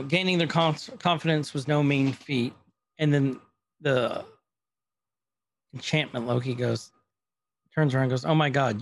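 A man's voice: medium pitch, vocal fry. A man casually recapping a TV episode on a podcast, retelling scenes and quoting the characters as he goes. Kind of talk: casual chat.

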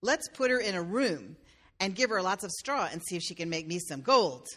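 A woman playing a blunt, demanding king who barks orders without softening them. The voice stays bright, told as part of a spoken fairy tale. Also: lowish voice, animated, moderate pace, in a large hall. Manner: blunt commands.

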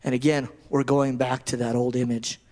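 A man's voice: mid-range voice, flat delivery, normal speed, warm tone. A man giving a conversational sermon, often repeating and restarting his phrases. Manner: conversational preaching with repetitions and restarts. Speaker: preacher.

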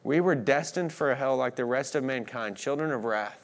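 A man preaching a sermon, earnest, swinging between emphatic declarations and hushed moments. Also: mid-range voice, normal speed. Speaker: pastor.

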